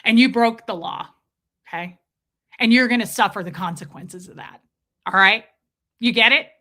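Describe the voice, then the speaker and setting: A woman mimicking a menacing, self-important man issuing threats, loud and clipped, with a hard "okay?" after each line. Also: on the high side, moderate pace. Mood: threatening.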